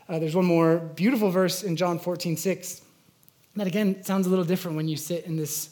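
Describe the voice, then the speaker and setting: A man's voice: sits high, fairly even intonation, fairly quick, dark tone. A man preaching a sermon as pastor, in an earnest, conversational way with frequent fillers and restarts.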